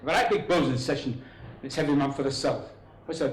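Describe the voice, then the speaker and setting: This stand-up comedian speaks at a medium pitch and a quick clip, with a faint hiss or hum in the recording. He rambles through crude jokes and laughs at his own punchlines while a live crowd laughs along in an echoey venue.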